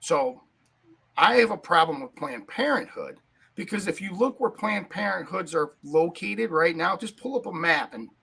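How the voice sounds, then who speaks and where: A fired-up man hosting a talk show, his voice high and gravelly. He rants with heavy swearing and keeps tossing in "right?" for agreement. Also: animated, normal speed, bright, forceful tone, poor audio. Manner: angry, profane, keeps asking "right?". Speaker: podcast host. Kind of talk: heated political talk.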